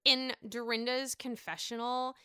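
A woman's voice: fairly high pitch, flat delivery, a little slow, sharp tone, clean tone, dry recording, studio quality. A woman giving a casual, gossipy recap of a reality show and breaking into put-on voices when she quotes people.

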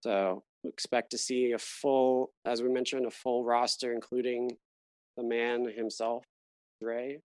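A man talks casually as a podcast host, chatty and easygoing, with frequent laughs and sentences that trail off. His voice sits at an ordinary middle pitch. The sound is dry and close, with no room echo. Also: flat delivery, a little slow. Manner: chatty, laughs often, trails off mid-thought. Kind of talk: casual chat.

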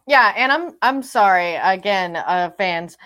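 A woman's voice: mid-range voice, animated, unhurried, fairly bright tone. A woman co-hosting a podcast, chatting casually and with strong opinions about soap operas. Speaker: podcast co-host.

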